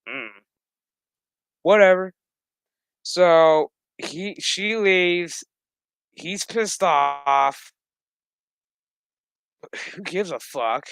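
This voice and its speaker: Bright-voiced, foul-mouthed recap vlogger, dry close sound, sarcastic rambling delivery. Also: mid-range voice, very slow, pauses often, clean tone, dry recording. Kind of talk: casual recap commentary.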